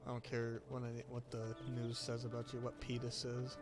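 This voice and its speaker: A young man chats casually while he plays a game on stream, jokey and easily fired up. Clear game music plays behind his voice. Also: medium pitch, a little fast. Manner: excitable, jokey. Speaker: streamer co-host. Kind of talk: casual chat while gaming.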